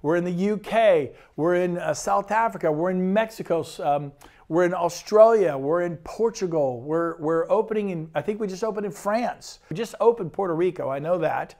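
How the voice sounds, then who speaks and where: A man's voice: high voice, normal speed, darkish tone. A man giving an enthusiastic sales presentation about real estate, talking conversationally and acting out quotes.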